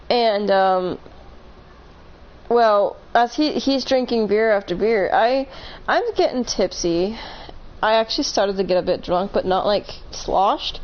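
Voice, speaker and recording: A woman's voice: medium pitch, takes it slowly, muffled recording. A woman casually telling a long story on a live stream, rambling, correcting herself and laughing between points.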